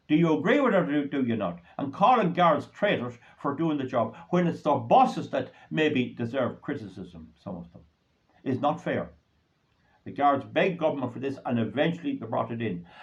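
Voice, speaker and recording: An older Irish man speaks straight to his viewers in a fairly high voice. He is indignant and hammers his points home by repeating them. The recording is dull and lo-fi. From Ireland. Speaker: political commentator. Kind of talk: solo monologue to camera.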